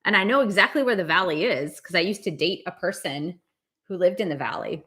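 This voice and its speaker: Middle-aged lady reading tarot live, talks kinda valley girl, bright voice. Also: fairly low pitch, animated, a little fast. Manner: chatty, valley-girl cadence. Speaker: tarot reader.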